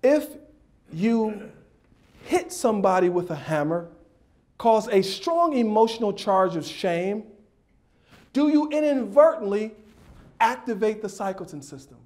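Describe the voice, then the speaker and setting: A man giving a motivational speech at a dinner. He tells animated stories, throws questions at the audience and adds sound effects. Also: high-pitched, measured pace, long pauses. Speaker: motivational speaker and coach. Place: dinner banquet.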